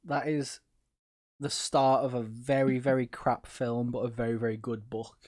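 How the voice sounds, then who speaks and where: A man's voice: mid-range voice, level tone, normal speed, darkish tone. Chatty Scouse man hosting. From Liverpool. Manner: chatty, filler-heavy. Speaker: podcast host. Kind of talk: casual conversation.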